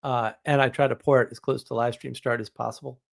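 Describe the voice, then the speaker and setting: A man's voice: mid-range voice, level tone, fast talker, vocal fry. A man from New England hosting a live stream, chatting casually, rambling and joking with exaggeration as he answers viewers. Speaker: live stream host reading chat.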